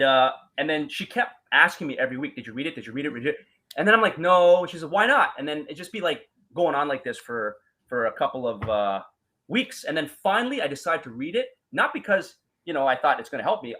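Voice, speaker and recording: A man telling his story as a guest in a casual talk, animated, acting out quoted voices and using many fillers. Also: mid-range voice, a little fast, low-quality recording.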